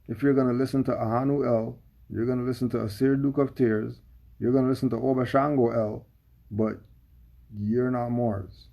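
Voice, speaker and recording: A man's voice: mid-range voice, steady tone, moderate pace, gravelly, muffled recording. A man giving sarcastic reaction commentary on a video, firing off mocking rhetorical questions.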